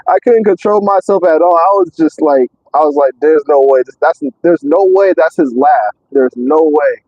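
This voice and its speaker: A man driving a truck, chatting casually on a live stream, excitable and rambling with many fillers, out of breath. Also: on the high side, moderate pace, no room sound, dull audio. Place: in and around a truck.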